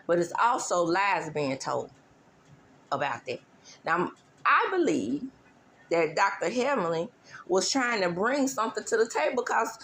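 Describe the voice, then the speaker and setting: A woman's voice: mid-range voice, big pitch swings, measured pace, a bit bright. A woman hosting a casual gossip show with a sassy, drawling manner, teasing and mimicking as she talks. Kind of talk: casual celebrity gossip commentary.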